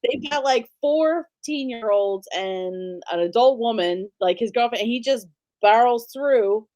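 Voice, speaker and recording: Young woman co-host, fairly high voice, dry close mic, animated and laughing, casual filler-heavy chat. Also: a little slow, no echo. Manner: animated, laughs often, says "like" a lot. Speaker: podcast co-host.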